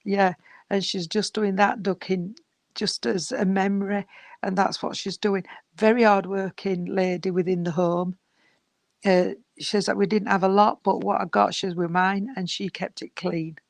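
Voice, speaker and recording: A woman's voice: medium pitch, level tone, normal speed, gravelly, no echo. A woman, a medium giving a chatty psychic reading. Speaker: spiritual medium.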